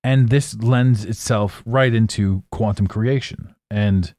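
A man's voice: on the low side, slow, a little mellow, no echo, clean studio sound. A man hosting a solo podcast, rambling casually, swearing now and then and laughing at his own jokes. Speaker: podcast host.

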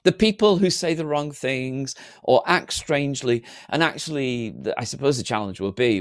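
A man preaching a sermon to an online congregation, animated and humorous, slipping into flat mock-bored voices. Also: mid-range voice. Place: streamed church service.

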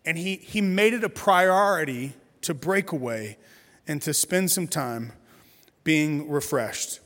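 A man in his forties delivers a sermon in a slightly high, animated voice, telling stories with playful, conversational asides. His voice carries a long reverb from a big church sanctuary. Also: slow pace. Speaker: guest pastor.

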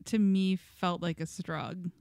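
A woman co-hosting a casual podcast, relaxed and frank as she gives her take. Her voice sits a little low for a woman and sounds smooth and clear. It is recorded close and dry. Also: slow, no echo. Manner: chatty, relaxed, frank opinions. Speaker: podcast co-host. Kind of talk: casual chat about music.

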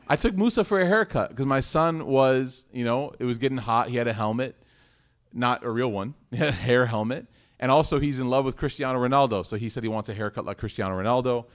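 Guy in his 30s giving a religious talk, storytelling, jokey then hushed, mid pitched. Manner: storytelling, animated and jokey, drops to hushed asides. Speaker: Islamic teacher.

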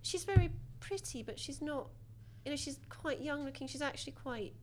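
A woman speaking as an author on a live panel, wry and lively, often restarting her sentences. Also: sits high, normal speed, slight background noise.

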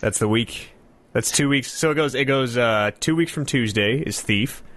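A man hosting a casual podcast, joking around with rambling, quick asides. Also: medium pitch, fairly bright tone. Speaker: podcast host. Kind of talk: casual chat. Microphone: remote call mic.

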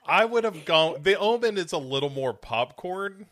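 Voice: mid-range voice, expressive, moderate pace, fairly bright tone, dry recording. A podcast co-host in casual movie chat, teasing with dry sarcasm.

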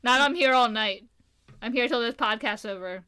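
A woman's voice: on the high side, normal speed, sharp tone, smooth. A young woman from Maryland co-hosting a podcast, rambling and giggling through casual questions. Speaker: podcast co-host.

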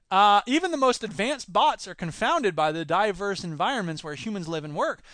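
A man's voice: high voice, animated, fairly quick, hardly any pauses, a bit bright, no echo. A man hosting a solo podcast, commenting on news with sarcastic, rambling asides. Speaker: podcast host.

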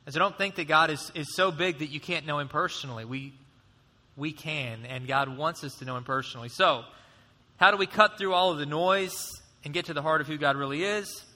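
A man preaching a sermon as pastor, in a conversational, animated way, acting out voices now and then. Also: on the high side, fairly quick, big-room sound.

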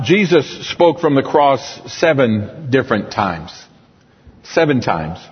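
Middle-aged male pastor, husky voice, earnest sermon, long reverb, muffled recording. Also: mid-range voice. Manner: earnest, slows down on key words. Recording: distant echoey church hall, dull sound.

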